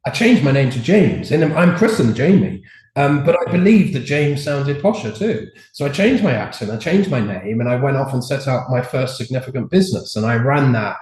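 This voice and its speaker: A man's voice: mid-range voice, expressive, normal speed, darkish tone. A middle-aged man with a posh English accent, telling candid stories as an interview guest in a frank, emphatic way. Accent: posh English, learned over a Cockney childhood. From England. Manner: frank, emphatic, with repeated restarts. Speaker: entrepreneur guest. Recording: roomy echo.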